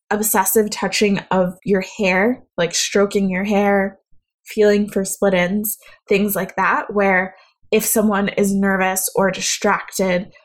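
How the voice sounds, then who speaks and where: A woman giving an instructional talk as a speaking coach, conversational and addressing the listener directly with practical advice. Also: medium pitch.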